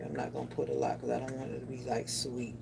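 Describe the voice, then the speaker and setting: Low-voiced woman with a country twang. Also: flat delivery, fast talker, gravelly, heavy background noise. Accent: Southern US country twang. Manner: chatty, rambling, talks to viewers while busy with chores. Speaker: vlogger. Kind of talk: casual vlog chat while cooking.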